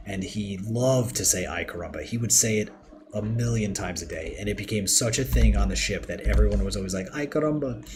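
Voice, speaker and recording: A man's voice: fairly low pitch, noisy background. A man chatting casually through a game livestream, rambling and talking to his chat as he builds. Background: keyboard typing and mouse clicks.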